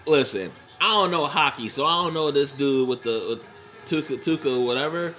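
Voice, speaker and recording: A young adult man giving casual reaction commentary, excitable, laughing often and swearing freely. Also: mid-range voice, normal speed. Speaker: wrestling reaction vlogger.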